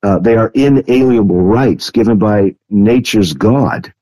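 Low, mellow-voiced man explaining earnestly. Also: no echo, rough recording. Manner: measured, earnest, explanatory with frequent hesitations. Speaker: guest. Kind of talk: interview answer on biblical prophecy.

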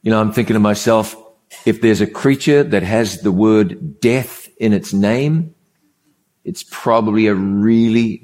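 A man's voice: lowish voice, a little mellow. Man preaching with plain conversational emphasis. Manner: conversational, repetitive emphasis, measured pauses. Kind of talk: sermon with storytelling opening.

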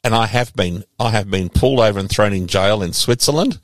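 An Australian man co-hosting a casual talk show, chatty and quick to laugh. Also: on the low side, no echo. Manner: chatty, laughs easily, takes ribbing. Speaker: co-host. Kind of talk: casual chat.

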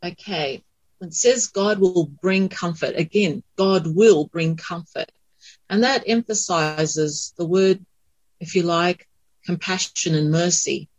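Husky man explaining scripture. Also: high-pitched, slow, no room sound, highs cut off. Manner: reflective, explains and quotes scripture. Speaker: Bible study panelist. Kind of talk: group Bible study discussion.

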